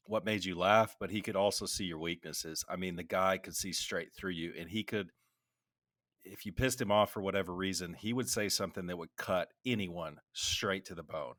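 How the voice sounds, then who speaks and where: A man's voice: low-pitched, normal speed, a bit bright, no echo, clean studio sound. A middle-aged man, a military veteran and podcast co-host, telling rambling anecdotes with lots of restarts. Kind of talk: casual conversational storytelling.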